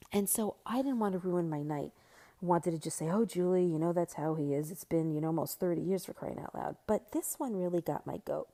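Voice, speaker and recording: Middle-aged female podcast host, lower register, dry mic, animated storytelling monologue. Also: no room sound. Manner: animated, vents with rising heat.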